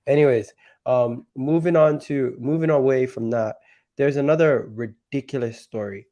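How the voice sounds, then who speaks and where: A man hosting a casual football talk show, sounding sick and nasal, talking haltingly with many restarts. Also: mid-range voice, mellow. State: sick, nasal and deeper than usual. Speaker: football channel host.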